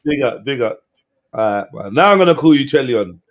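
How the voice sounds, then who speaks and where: A man, hosting a live stream and chatting casually with slang and shout-outs to viewers. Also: mid-range voice, expressive, brisk. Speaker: livestream host.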